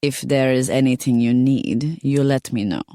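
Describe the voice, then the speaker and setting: A woman voicing a calm older woman with a foreign accent who speaks in a soothing, measured way. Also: a bass voice, no echo, clean studio sound.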